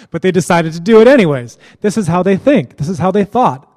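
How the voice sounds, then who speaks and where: High-voiced preacher in a reverberant hall. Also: male voice, lively intonation, a little fast, a little mellow. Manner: casual, joking and blunt, laughs often. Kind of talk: sermon.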